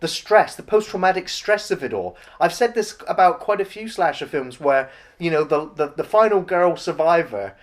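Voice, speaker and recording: A man's voice: a little high, lively intonation, normal speed. Man, podcast co-host, casual film review chat, chatty, mocking. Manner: chatty, mocks characters in put-on voices.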